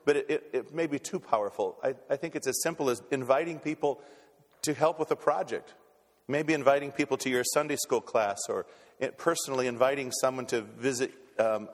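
A man preaching a sermon as pastor, folksy and stumbling on repeated words as he restarts. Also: mid-range voice. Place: church sanctuary. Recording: long reverb in a church hall.

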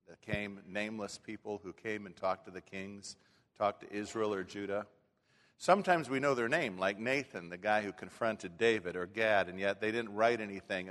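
A man's voice: on the low side, a bit bright. A man preaching a sermon as a pastor in a church, talking in a folksy, conversational way with frequent restarts. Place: church sanctuary. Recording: long hall reverb.

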